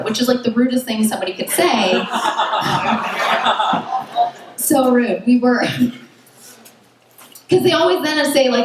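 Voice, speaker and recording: A woman's voice: on the high side, lively intonation, normal speed, long pauses. A young woman performing a stand-up comedy set, chatty and self-mocking, full of "like" and "you know what I mean". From United States. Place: comedy club stage at a festival. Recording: very echoey distant room recording with noise. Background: audience laughter.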